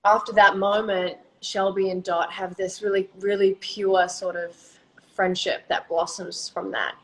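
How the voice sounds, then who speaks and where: A woman's voice: medium pitch, little pitch movement, a little slow, a bit bright, poor audio. A young woman in casual chat on a phone livestream, chatty and swearing casually, often restarting her sentences. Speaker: actor in a live chat.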